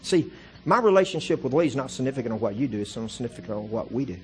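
A man's voice: medium pitch, animated, fast, soft background music. A man preaching a sermon as pastor, telling stories in a conversational way and building to impassioned, fervent preaching. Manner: conversational storytelling with repeated "see" and restarts.

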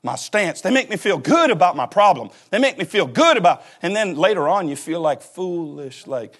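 A man's voice: sits high, very animated, normal speed, fairly bright tone, husky. A man preaching a sermon as pastor, folksy and joking, talking straight to the congregation. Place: church.

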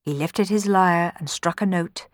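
A woman narrating a myth as a storybook reading, clear and expressive. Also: fairly low pitch, unhurried, dry recording, studio quality.

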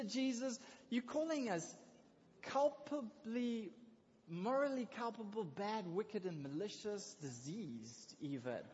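A man preaching a sermon in a lively, conversational way, with excited asides. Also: high-pitched, slight background noise. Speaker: pastor. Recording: dull lo-fi recording in a reverberant hall.

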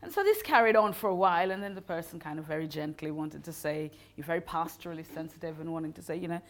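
A woman's voice: sits low, expressive, fast. A woman, a guest speaker, giving a chatty, self-mocking sermon at a college hall, laughing often as she tells stories. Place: college hall with a live audience.

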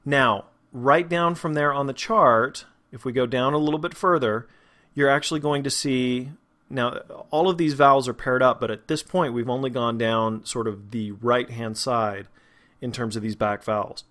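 A man teaching a podcast lesson on vowel sounds, explaining patiently and sounding out each vowel slowly and clearly. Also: mid-range voice, a bit bright. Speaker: voice and speech teacher.

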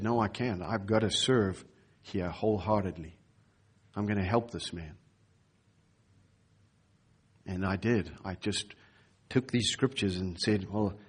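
Husky-voiced man preaching a sermon. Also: fairly low pitch. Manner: storytelling, acts out quoted voices. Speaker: pastor. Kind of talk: sermon with personal story.

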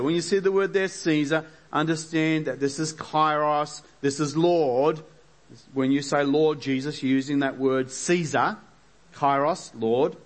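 Male preacher reading scripture, bit of a higher voice, chatty asides.

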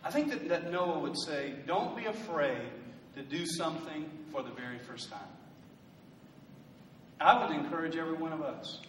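A male pastor preaching a sermon in a church, swelling into loud emphatic bursts and joking asides. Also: fairly high pitch, animated, normal speed, a little hiss or hum. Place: church sanctuary. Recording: echoey hall from a distant mic.

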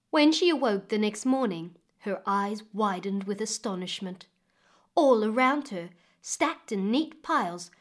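A woman narrating a fairy tale expressively with dramatic pauses, as a storyteller reading a book. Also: fairly high pitch.

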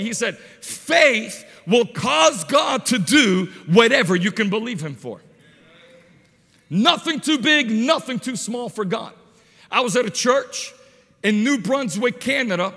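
A man preaching a sermon as an evangelist, telling stories with animated delivery and shouting at the high points. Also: creaky, husky, in a large hall. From Portuguese parents.

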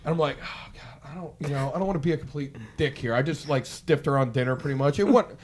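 A man spins a long, rambling anecdote in a loose group chat, swearing freely. He acts out the other people in the story as he goes. His voice sits a little high for a man. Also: fast. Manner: rambling, profane, animated, acts out quotes. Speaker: podcast co-host telling a story.

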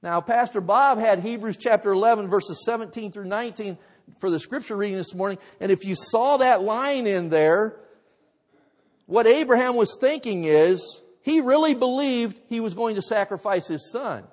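A man's voice: high-pitched, moderate pace. A man pastor preaching a sermon, telling the story dramatically with emphatic rhetorical questions. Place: church sanctuary. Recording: reverberant church hall.

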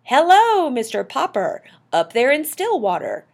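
A woman's voice: high-pitched, wildly swooping pitch, a little slow, gravelly, pitched above the performer's own voice, full character voice. A woman voicing an expedition admiral who speaks formally, like a radio announcer. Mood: hearty.

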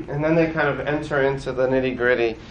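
A man teaching a class as a rabbi, in casual classroom style, animated and often checking in with his listeners. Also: medium pitch, a little fast, reverberant, slight background noise, rough recording. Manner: animated, acts out voices of the story, frequent "right?".

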